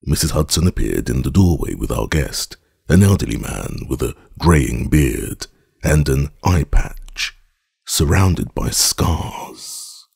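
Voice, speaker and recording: Male audiobook narrator, measured and formal, very low and gravelly, dry sound. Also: very animated, darkish tone, dry recording.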